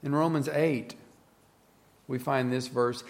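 Male pastor, reflective sermon delivery, gravelly texture, sinks to quiet low tones. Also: unhurried. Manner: reflective, earnest, often drops to a soft low voice. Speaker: preacher.

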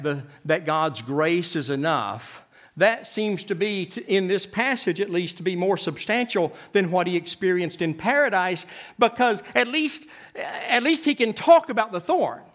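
A man preaching a sermon, swinging from loud, emphatic lines to hushed ones and often repeating his words. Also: a little high.

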